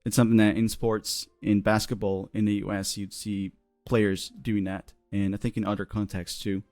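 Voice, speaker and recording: A man's voice: fairly low pitch, little pitch movement, moderate pace, darkish tone, dry recording. A man co-hosts an English lesson, quoting clips and asking his partner questions. The sound is dry and close. Faint music sits in the background. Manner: asks questions, quotes clips. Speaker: co-host, English teacher. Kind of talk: casual teaching chat.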